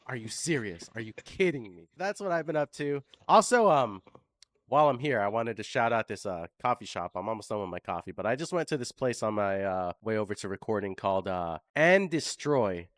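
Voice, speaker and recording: A man's voice: fairly low pitch, lively intonation, brisk, no echo, clean studio sound. A man hosting a podcast, chatting casually and upbeat, telling stories with filler words. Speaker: podcast host. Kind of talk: casual interview chat.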